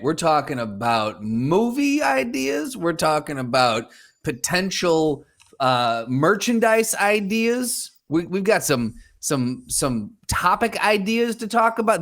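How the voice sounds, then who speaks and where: A man's voice: high voice, a bit bright. A man co-hosting a podcast, telling rambling stories in casual chat. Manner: rambling storyteller, many restarts and fillers. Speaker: podcast co-host.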